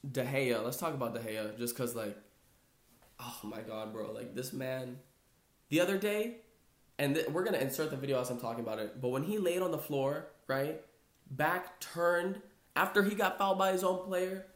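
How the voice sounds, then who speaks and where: A man's voice: mid-range voice, normal speed. Rambling casual man in echoey room. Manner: loose, rambling, filler-heavy, says "bro" and "like" a lot. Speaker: podcast host. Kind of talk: casual sports chat.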